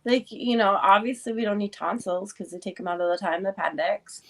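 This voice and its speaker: A woman's voice: medium pitch, a little fast, crowd noise. A woman hosting a podcast in casual chat, playful and laughing often as she quizzes her guest. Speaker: podcast host.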